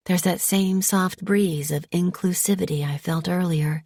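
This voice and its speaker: A woman narrating a first-person romance audiobook in a calm, soft, measured way. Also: lowish voice, breathy edge, no echo, clean studio sound.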